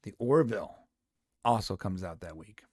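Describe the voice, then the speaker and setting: A man's voice: on the low side, animated, moderate pace, no room sound, clean studio sound. A man co-hosting a casual podcast chat, playful and rambling, laughing often. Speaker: podcast co-host.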